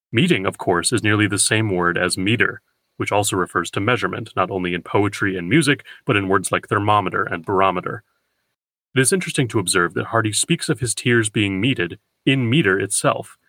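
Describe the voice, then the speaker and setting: A man hosting a poetry podcast, giving a scripted, measured lecture and slowing down to read verse. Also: lowish voice, bright, forceful tone, no echo. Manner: measured, deliberate, slows for quoted verse.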